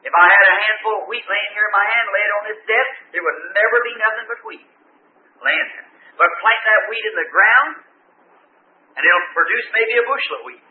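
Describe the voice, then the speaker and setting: A man's voice: high voice, expressive, fairly quick. A man preaching a sermon to a congregation, telling stories in a fervent, folksy way. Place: church or meeting hall with an audience. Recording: old tinny phone-like recording in an echoey hall with faint hiss.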